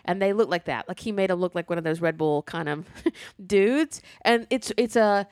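A woman chatting casually about a TV show, animated and talkative with playful sass. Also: lowish voice, normal speed, no room sound, studio quality. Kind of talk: casual chat reviewing a TV show.

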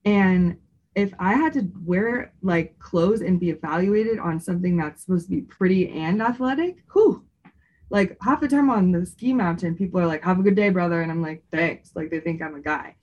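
A woman co-hosting a podcast, with a fairly low voice. She talks in a chatty, expressive way, sprinkling "like" through every thought. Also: moderate pace, dull audio. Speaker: podcast co-host. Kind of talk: casual chat.

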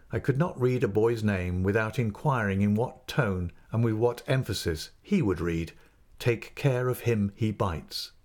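A man reads a classic novel aloud in a measured, expressive voice. His pitch sits in the middle for a man. The delivery is steady and storybook-like. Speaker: narrator.

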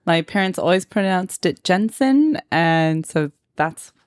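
A woman from Southern California with a Valley Girl accent, chatting casually as a podcast co-host. Her voice sits a little low for a woman, and she giggles and says "like" a lot. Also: fairly even intonation, unhurried, smooth. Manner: giggly, uses "like" often. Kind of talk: casual chat.

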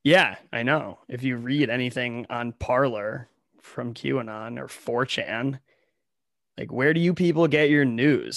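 A man's voice: mid-range voice, a little slow, vocal fry, no echo, studio quality. A young man from Ohio co-hosting a comedy podcast in a casual chat, full of sarcastic, ironic riffs. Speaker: podcast co-host.

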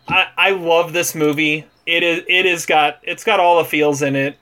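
A man's voice: fairly high pitch, pushed and bright. A man co-hosting a casual movie podcast, laughing often and repeating himself as he talks. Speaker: podcast co-host.

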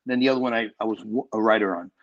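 A man's voice: lowish voice, racing, muffled recording. Rambling man telling stories. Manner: rambling, animated storytelling with restarts. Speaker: filmmaker guest. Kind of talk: casual interview talk.

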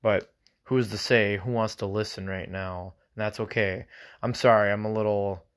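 A man hosting his own podcast in a loose, rambling chat, swearing freely and thinking out loud in a self-conscious way. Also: on the low side, steady tone, moderate pace, clear, resonant tone. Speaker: solo podcast host. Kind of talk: casual solo podcast chat.

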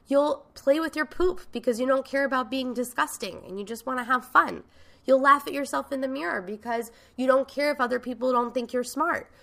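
A woman hosting a podcast gives a motivational talk in a frank, emphatic way, with casual swearing. Her voice is bright and forward, with a gravelly, creaky texture. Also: a little high. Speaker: podcast host and coach.

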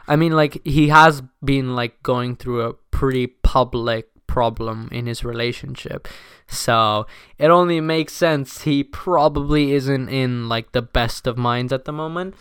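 A man's voice: mid-range voice, unhurried, fairly bright tone, clear, resonant tone, no room sound, studio quality. A young man hosting a casual solo podcast, talking loosely with lots of fillers and frequent swearing. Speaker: podcast host.

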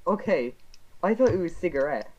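A co-host, chipping in short quiet reactions during casual podcast chat. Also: mid-range voice, lively intonation, moderate pace, muffled recording, a crowd in the background. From Ireland.

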